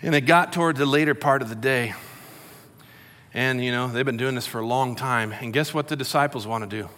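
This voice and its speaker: A man's voice: mid-range voice, fairly quick, fairly bright tone. A middle-aged man preaching a sermon in a conversational, storytelling way, acting out quotes. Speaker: pastor. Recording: long hall reverb.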